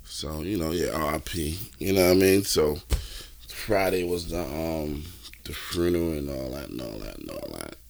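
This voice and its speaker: A man with a very low voice talks easily with his co-host about his week. He circles back on his own phrases and fills the gaps with "um," without any rush. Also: lively intonation, moderate pace, gravelly. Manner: laid-back, repeats phrases, lots of fillers. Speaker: podcast co-host. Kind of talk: casual chat.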